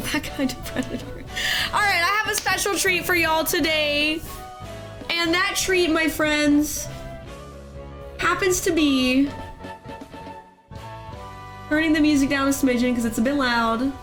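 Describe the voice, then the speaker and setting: A woman with a hoarse voice after an illness, hosting a casual live art class and greeting chat in a sing-song way. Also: sits high, a little slow, pauses often. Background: soft music.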